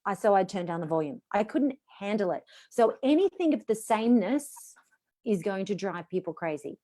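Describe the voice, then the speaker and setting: A woman with an Australian accent, a voice and presentation coach leading a live online workshop, reading out questions and answering them with lively, varied inflection. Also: mid-range voice, moderate pace.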